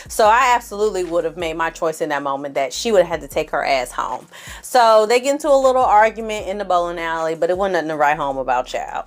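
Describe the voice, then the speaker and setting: A woman casually recapping a reality TV episode in an animated, sassy way, with slangy asides and acted-out quotes. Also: lowish voice, quick pace.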